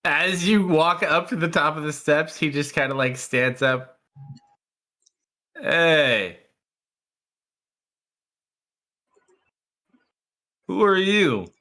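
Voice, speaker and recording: A man's voice: a little high, steady tone, normal speed, sharp tone. A young man as game master, narrating a tabletop game in a loose, hesitant way with many fillers.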